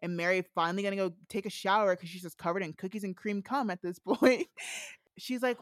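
Brief: young woman co-host, crude and amused, dry close sound, mid pitch. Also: fairly even intonation, a little fast, dry recording. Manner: frank, crude, amused, many "like" fillers. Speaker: podcast co-host recapping a novella. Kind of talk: casual chat, reading quotes aloud.

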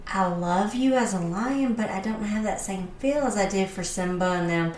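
A woman chatting casually as co-host, telling stories with animated quoted voices. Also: medium pitch, normal speed, far from the mic, slight background noise. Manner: animated storyteller. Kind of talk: casual chat. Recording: echoey room with faint ambience.

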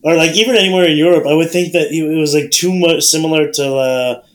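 A man's voice: a little high, brisk. Hesitant man in casual chat. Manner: hesitant, many fillers. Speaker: podcast co-host.

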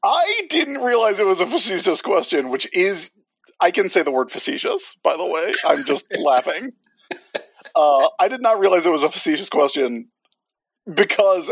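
A man co-hosting a podcast in casual chat, joking with big swings in pitch. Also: dry recording. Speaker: podcast co-host. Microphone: remote call.

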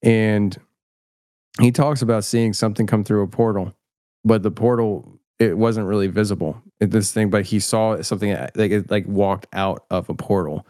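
Casual guest spot: middle-aged man, low voice, rambling, self-mocking, dry close sound. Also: fairly even intonation, moderate pace, warm tone, no echo. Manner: rambling and self-deprecating, many restarts. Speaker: podcast host, guest filmmaker. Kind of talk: casual interview chat.

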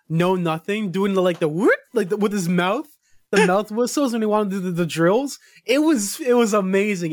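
A man co-hosting a podcast, telling stories about sports in an animated, swearing style. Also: high-pitched, dry recording, studio quality. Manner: animated, profane storytelling. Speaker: podcast co-host. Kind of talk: casual sports chat.

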